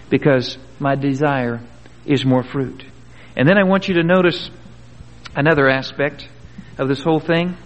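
High-voiced preacher in an echoing hall. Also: male voice. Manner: folksy, earnest preaching with rhetorical questions and homespun stories. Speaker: pastor. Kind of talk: sermon. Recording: dull old recording in a reverberant hall.

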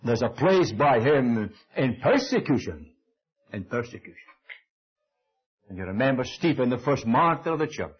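An older Scottish man preaches, weaving a story into his sermon with lively, swooping pitch. His voice is husky. The recording is dull and lo-fi. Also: normal speed, few pauses. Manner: animated storytelling, acting out dialogue with shifting pitch.

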